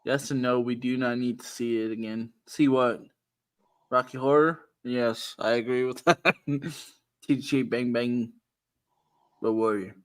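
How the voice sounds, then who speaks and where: A man's voice: mid-range voice, fairly even intonation, unhurried, long pauses. A man hosting a casual stream chat, rambling with lots of ums and some cussing. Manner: rambling with many ums and profanity. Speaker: streamer host.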